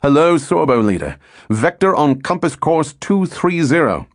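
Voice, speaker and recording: A businesslike male RAF controller calls clipped orders over the radio, as a man narrating puts him on. He speaks a little higher and louder than the narrator's plain voice. The sound is dry and close. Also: sing-song, a little slow, dry recording. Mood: urgent orders.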